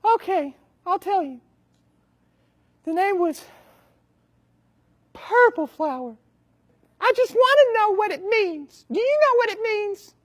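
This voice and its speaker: A man voicing a sixty-year-old ex-convict who tells his story in a high, breathless, pleading way. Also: expressive, slow pace, long pauses, full character voice.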